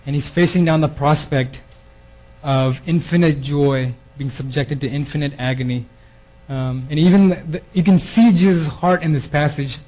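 A man's voice: on the high side, steady tone, normal speed, warm tone, rough recording. A man preaching a sermon in an earnest way, often repeating words and restarting his phrases. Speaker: preacher giving a theme talk.

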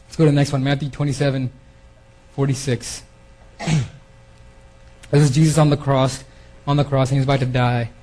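A man's voice: medium pitch, flat delivery, normal speed, pauses often, darkish tone, rough recording. A man preaching a sermon in an earnest way, often repeating words and restarting his phrases. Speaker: preacher giving a theme talk.

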